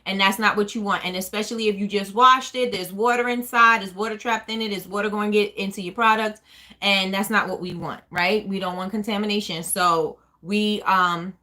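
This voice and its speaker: A woman's voice: mid-range voice, fairly even intonation, fairly quick, sharp tone. A woman hosting a casual live chat, answering viewer questions in a rambling way with many fillers and restarts. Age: adult with a child. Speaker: host of a small business live chat.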